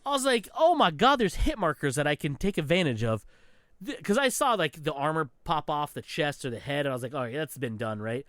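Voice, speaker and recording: He has a high-ish voice and talks a little fast, captured in a dry recording of studio quality. The man co-hosts a podcast, animatedly recounting gaming stories in casual talk, complete with profanity and acted-out quotes.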